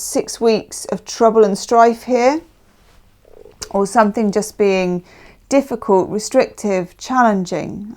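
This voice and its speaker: A woman's voice: mid-range voice, warm tone. A woman giving a casual, chatty tarot reading, emphatic and often checking in with the listener. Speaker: tarot reader.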